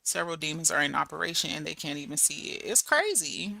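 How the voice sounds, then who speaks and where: A woman in her thirties chatting casually to her viewers, telling stories in a lively, animated way. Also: low voice, fast talker, gravelly, no echo. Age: 30s. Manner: chatty, storytelling, animated with laughs and quoted voices. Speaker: channel host. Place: abroad in Germany.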